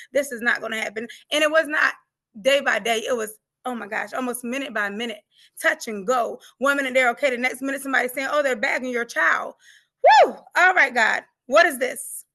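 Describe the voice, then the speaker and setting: A woman's voice: high voice, pushed and bright. A middle-aged woman, a grief coach, passionately telling her story of faith with acted-out quotes. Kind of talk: emotional personal testimony.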